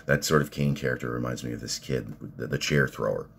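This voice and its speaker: A man's voice: a bass voice, fairly even intonation, brisk, creaky, a bit bright, a little hiss or hum. A man talking in a casual rambling vlog, profane and laughing at his own stories. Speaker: fitness vlogger and coach.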